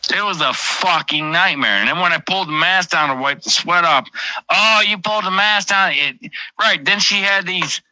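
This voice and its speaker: A man's voice: fairly high pitch, moderate pace, pushed and bright, dry recording, rough recording. A man telling a personal story on a casual livestream, blunt and heavily profane, often repeating his phrases. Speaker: livestream host.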